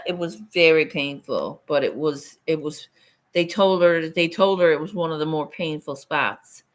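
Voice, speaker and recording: A middle-aged woman hosting a casual livestream from her phone, rambling, swearing casually and laughing often. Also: sits low. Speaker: livestream host.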